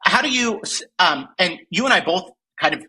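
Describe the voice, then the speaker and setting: A woman's voice: on the low side, expressive, moderate pace, bright, forceful tone, slight background noise, rough recording. A woman in her forties hosting a podcast, chatting casually and ranting with profanity and frequent laughter. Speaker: podcast host. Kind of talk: casual chat.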